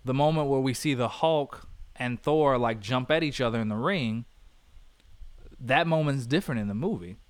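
A man co-hosting a casual movie review podcast, talking in an animated way, laughing often and acting out lines from scenes. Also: mid-range voice, moderate pace, no room sound. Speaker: podcast co-host.

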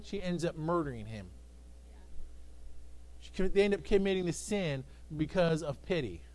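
In a church sanctuary, a male pastor with a high, very animated voice preaches emphatically to a congregation that calls back to him. He acts out voices, keeps a moderate pace, and pauses often.

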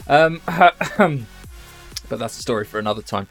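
A man's voice: medium pitch, expressive, slow pace, creaky, fairly bright tone, soft background music. A man hosting a podcast, chatting casually in a jokey, rambling way and swearing now and then. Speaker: podcast host. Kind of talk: casual chat.

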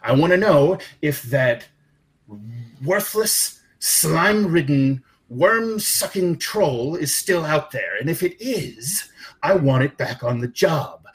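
A man's voice: a little high, pitched above the performer's own voice. A man voicing a cruel, bullying male giant warlord who sneers and threatens in a raised voice.

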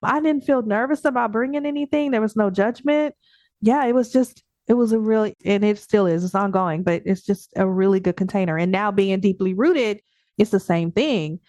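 A woman coaching client and coach speaking in a casual podcast interview, animated and laughing often as she acts out her own thoughts. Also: mid-range voice, normal speed, no room sound, clean studio sound.

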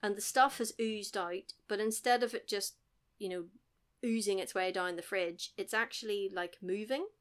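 A woman's voice: medium pitch, steady tone, normal speed, smooth. A woman in casual chat, rambling through a film recap and acting out the lines she quotes. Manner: rambling, laughs often, acts out quotes.

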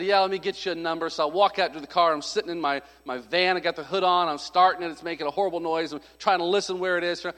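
A man's voice: fairly high pitch, bright, forceful tone. A man preaching a sermon, telling a story in a conversational, humorous way and acting out the voices of people he quotes. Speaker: pastor. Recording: long hall reverb.

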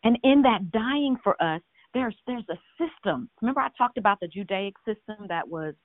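A minister leading a prayer call gives a conversational sermon over a conference line, earnest and direct, with rhetorical questions and frequent restarts. Her voice is fairly high, animated, and at normal speed. The recording is dry, with a tinny phone sound.

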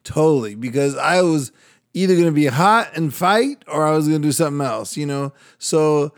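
A man's voice: fairly high pitch, moderate pace, dry recording, clean studio sound. An older Latino man, a radio and podcast host, telling a personal story in casual chat, laughing often and acting out other people's voices. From Latin American heritage, United States.

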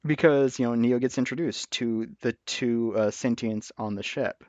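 A man's voice: mid-range voice, moderate pace, darkish tone, no echo. A man co-hosting a casual film review chat, animatedly retelling scenes. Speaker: podcast co-host. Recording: dull, dry lo-fi audio.

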